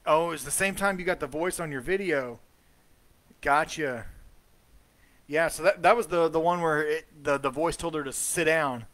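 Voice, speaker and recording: A man's voice: a little high, moderate pace, a bit bright. A man hosting a casual live commentary over ghost-hunt footage, chatty and trailing off with fillers. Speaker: host.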